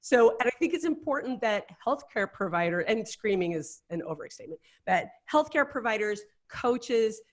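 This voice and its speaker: A woman's voice: fairly high pitch, animated, normal speed, hardly any pauses. Chatty woman, candid storyteller. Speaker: life coach, guest. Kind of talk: casual chat.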